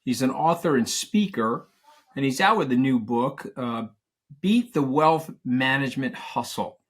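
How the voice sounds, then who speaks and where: A man's voice: medium pitch, animated, unhurried. A man hosting an interview, effusive, upbeat and chatty as he introduces and thanks his guests. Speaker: host.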